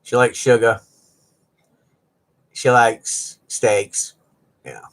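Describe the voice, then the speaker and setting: A man's voice: medium pitch, very animated, very slow, fairly bright tone. A man chatting casually and rambling on a livestream, joking and laughing often. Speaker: livestream host.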